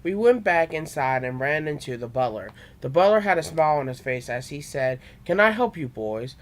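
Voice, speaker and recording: A man's voice: fairly high pitch, expressive, a little fast. A young man reading his own fan story aloud, with small stumbles and restarts.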